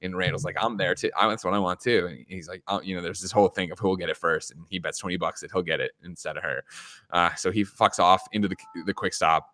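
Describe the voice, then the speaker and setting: A man's voice: low-pitched, steady tone, quick pace, pushed and bright, no echo. A man hosting a casual podcast, animatedly retelling a film's scenes with frequent laughs and swearing. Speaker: podcast host. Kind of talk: casual film review chat.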